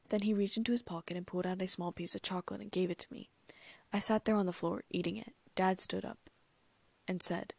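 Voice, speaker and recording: A woman narrating a first-person story as an audiobook reader, in an even storytelling manner with hushed asides. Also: medium pitch, fast talker, creaky, no room sound. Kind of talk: first-person fan fiction reading.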